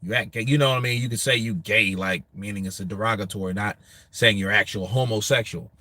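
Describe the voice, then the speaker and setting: American man, boxing-show host, crude and laughing, flat dry sound, no room at all. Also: lowish voice, quick pace, no echo. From United States. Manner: laughing often, loose and crude, talks to the chat. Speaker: boxing show host reading viewer comments. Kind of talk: casual profane chat.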